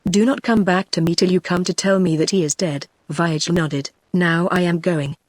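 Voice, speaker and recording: A text-to-speech voice of a woman with a British accent, reading a novel aloud in an even, measured way. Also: fairly low pitch, no echo. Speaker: audiobook narrator.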